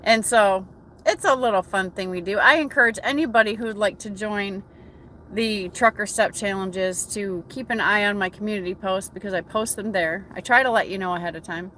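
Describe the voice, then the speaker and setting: Speaking at normal speed in a mid-range, pushed and bright voice, an American woman hosts an easygoing morning coffee livestream from her truck cab. She greets viewers by name as the trucker host. A little hiss or hum can be heard.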